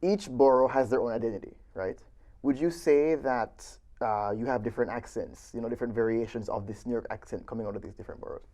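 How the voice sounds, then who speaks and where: Host: man, quick conversational delivery, asks questions in a relaxed way. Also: mid-range voice. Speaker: interviewer, student radio host. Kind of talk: radio interview questions.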